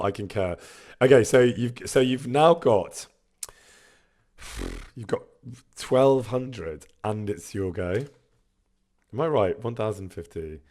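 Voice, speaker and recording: A man's voice: lowish voice, darkish tone. Chatty man streaming. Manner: chatty, laughs often, reads out chat messages. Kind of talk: casual live-stream chat.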